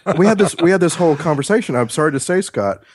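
Cohost guy, chatty and animated, dry close mic. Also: on the high side, fast talker, no echo. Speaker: podcast co-host. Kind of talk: casual chat.

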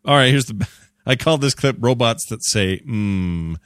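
A middle-aged man hosting a casual film podcast, wry and quick to laugh. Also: mid-range voice, animated, a bit bright, dry recording, clean studio sound. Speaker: podcast host.

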